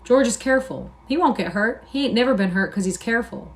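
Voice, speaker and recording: A woman reading a story aloud gives voice to a hulking, simple-minded man who gets anxious and frightened fast. His lines come out higher than her own voice, louder and pleading, rising to cries. It sounds like a live storybook reading. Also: natural voice. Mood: upset, insistent. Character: big slow childlike man, anxious and easily frightened.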